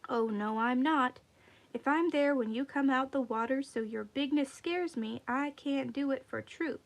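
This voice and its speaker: A woman's voice: high-pitched, a little slow. A woman voicing a cocky little trickster rabbit. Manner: folksy dialect, wheedling and cocky. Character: small boastful male rabbit trickster.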